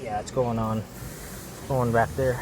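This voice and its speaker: A man's voice: medium pitch, level tone, measured pace, noisy background. A man working as a mechanic, giving casual how-to narration while he works, rambling and often repeating words and restarting. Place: auto repair shop.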